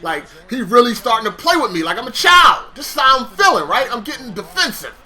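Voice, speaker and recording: Animated high-voiced man telling a story. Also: brisk. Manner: animated, swearing, laughing, acting out dialogue. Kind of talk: casual storytelling.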